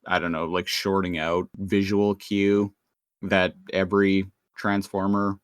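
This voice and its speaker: A man's voice: sits low, level tone, a little slow, clean tone, dry recording. A man co-hosting a podcast, recapping an episode in casual, rambling chat. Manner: rambling, laughing, restarts sentences. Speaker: podcast co-host.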